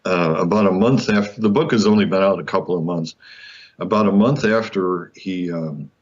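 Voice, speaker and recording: A man's voice: deep voice, moderate pace, slightly rough. A man, a guest author, telling a personal story in an interview, acting out the quotes and laughing often. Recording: muffled lo-fi sound.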